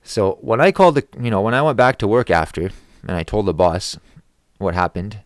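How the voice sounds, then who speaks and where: A man's voice: fairly low pitch, fairly quick, no room sound, clean studio sound. A man telling an angry story to camera in a heavily profane, heated rant. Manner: grows loud and agitated. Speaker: vlogger.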